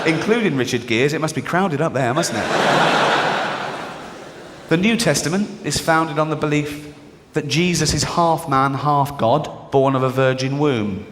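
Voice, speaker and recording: A man's voice: fairly high pitch, moderate pace, in a large hall, background noise. A middle-aged Englishman with an English accent doing a mocking stand-up comedy routine. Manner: mocking, sardonic, acts out characters in the bits.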